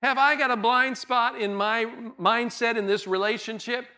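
A man's voice: extremely high pitch, fairly even intonation, moderate pace, bright, forceful tone. A male pastor preaching a sermon in a church, earnest and conversational, often restarting his words and stopping for light laughs. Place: church sanctuary.

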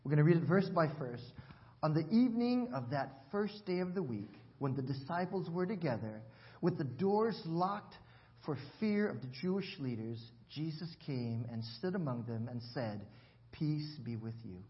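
A man's voice: fairly high pitch, sing-song, moderate pace, muffled recording. A man pastor preaching a sermon in church, leading the congregation to repeat words after him. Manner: warm teaching, invites congregation to repeat words. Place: church sanctuary.

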